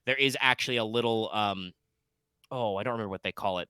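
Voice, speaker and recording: Man, game master, lowish bright voice, smooth, dry close sound, rambling playful narration. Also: fast, no echo. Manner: rambling, filler-heavy, playful.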